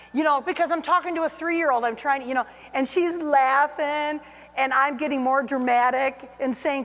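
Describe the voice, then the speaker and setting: A woman's voice: high-pitched, normal speed. Woman telling a funny story in an echoey hall. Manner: lively, self-mocking, acts out her own reactions. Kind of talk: personal anecdote told to camera. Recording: long hall reverb.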